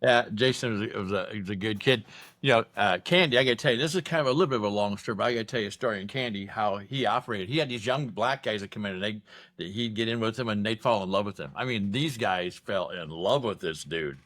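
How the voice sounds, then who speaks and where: A man's voice: on the low side, fast. A man co-hosting a podcast, telling prison stories in casual chat and acting out the people in them. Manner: animated storyteller acting out voices. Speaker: podcast co-host.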